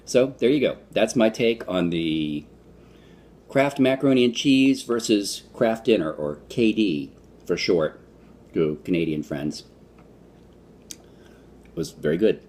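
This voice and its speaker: A man's voice: on the low side, animated, slow, pauses often, a little mellow. A man from the United States giving a casual, rambling food review vlog, with fillers and restarts. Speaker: vlogger.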